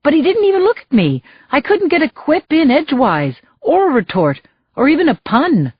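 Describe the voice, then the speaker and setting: A woman narrator voicing a joking young male prosecutor who talks fast and eager. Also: fairly high pitch, very animated, no room sound, muffled recording. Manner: quick and joking.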